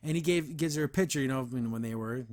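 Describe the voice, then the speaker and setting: A man's voice: medium pitch, fast, darkish tone. A man hosting a podcast, reviewing a comic in casual chat, earnest and rambling, with frequent restarts and heated asides. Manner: gets heated about the veterans system.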